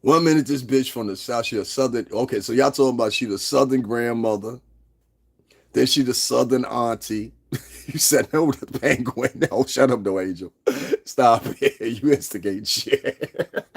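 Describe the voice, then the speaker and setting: Brief: profane, confrontational livestream host, gravelly and husky, laughs a lot. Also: male voice, mid-range voice, normal speed. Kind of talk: casual livestream rant.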